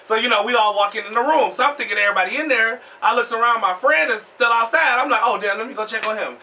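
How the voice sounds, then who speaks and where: A young man telling a storytime vlog in a profane, animated way, acting out what people said. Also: extremely high pitch, quick pace, recorded from a distance, slight background noise. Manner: animated, profane, acts out quoted voices loudly.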